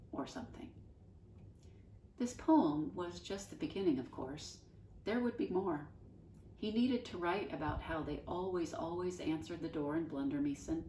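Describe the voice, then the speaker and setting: Brief: low, mellow woman reading a storybook aloud, roomy sound from a distance. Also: slight background noise. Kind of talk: reading a children's novel aloud.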